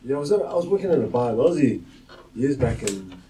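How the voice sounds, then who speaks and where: A man's voice: mid-range voice, sing-song, fast talker, a crowd in the background. A man co-hosting a casual podcast chat, laid-back and agreeable. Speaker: podcast co-host. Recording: distant mic, faint room ambience.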